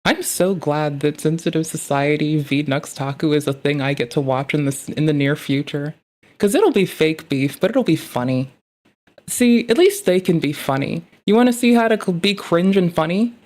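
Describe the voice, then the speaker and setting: A man's voice: a little high, moderate pace, darkish tone. A man ranting bluntly in heavily profane casual talk. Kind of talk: casual rant.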